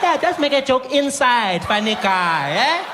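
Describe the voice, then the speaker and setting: A man's voice: very high voice, big pitch swings, a little slow, background noise, voice pushed up, exaggerated voice. A male comedian voicing a rude, mocking female hospital check-in clerk who taunts and ends phrases with "eh?". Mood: taunting. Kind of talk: stand-up character impression.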